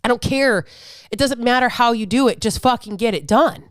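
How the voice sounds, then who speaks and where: A woman's voice: on the high side, moderate pace, no room sound, clean studio sound. Blunt, profane woman podcaster. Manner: blunt, profane, fired-up, preachy. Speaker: fitness coach and podcast host. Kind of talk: unfiltered podcast rant.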